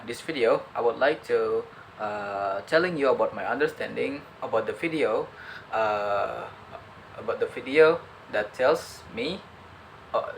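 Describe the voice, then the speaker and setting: A young man, a student with an Indonesian accent, summarizing a lecture in halting speech with many fillers and restarts. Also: fairly low pitch, creaky, slight background noise, poor audio. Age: young adult. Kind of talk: student summary of a lecture, partly read aloud.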